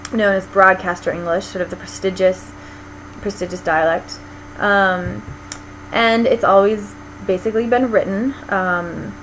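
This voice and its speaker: A woman's voice: medium pitch, slight background noise, low-quality recording. American woman lecturing with many ums. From United States. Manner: explanatory, many ums and restarts. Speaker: linguistics lecturer.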